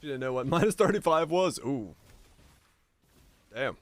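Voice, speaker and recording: In a mid-range voice with lively intonation and a measured pace, a young Finnish game streamer chats casually with viewers while playing. He's relaxed, swears heavily and laughs easily, and he isn't speaking English. There's no echo.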